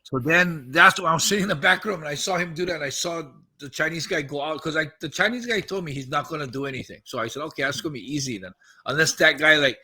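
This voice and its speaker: A man's voice: on the high side, fast talker, few pauses, sharp tone, breathy edge. A man in his fifties on a podcast, casually recounting a story, acting out the quoted dialogue and swearing freely.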